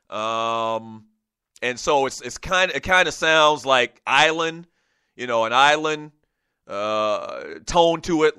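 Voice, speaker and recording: A man from the South Carolina Lowcountry, hosting a sports talk show in an animated, rambling monologue full of fillers. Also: smooth, dry recording, clean studio sound. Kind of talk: solo radio talk monologue.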